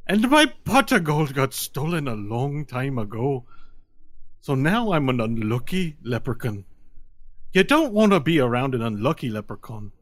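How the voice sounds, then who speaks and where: A man's voice: big pitch swings, normal speed, no echo. A man voicing a small, unlucky male leprechaun with an Irish accent, pleading to be let go. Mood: defeated. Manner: high, loud, put-upon pleading.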